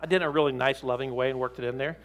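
A middle-aged man with a mid-range voice preaches very fast to a live audience. His delivery is animated and emphatic, broken up by folksy joking asides.

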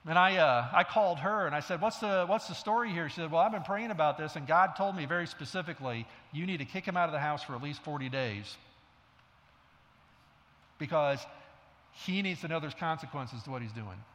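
A man's voice: a little high, fairly quick, fairly bright tone. A middle-aged male pastor preaching a sermon, telling stories in a conversational way with self-deprecating humor. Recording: long hall reverb.

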